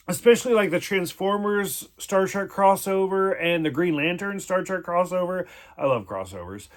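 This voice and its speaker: A man giving a casual spoken review of a TV episode, rambling, swearing freely and filling his talk with "like". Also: high voice. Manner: rambling, profane, many "like" fillers.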